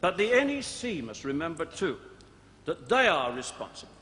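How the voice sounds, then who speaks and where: A man in his sixties, a politician delivering a formal conference speech with measured, deliberate oratory and emphatic repetition. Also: fairly high pitch, sing-song, pushed and bright. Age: 60s. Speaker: politician addressing a party conference. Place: large indoor conference hall. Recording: archive broadcast, long hall reverb, faint noise.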